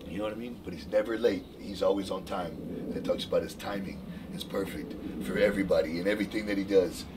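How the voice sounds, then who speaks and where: Slangy, animated casual storyteller man. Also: low voice, quick pace, noisy background. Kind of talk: casual chat.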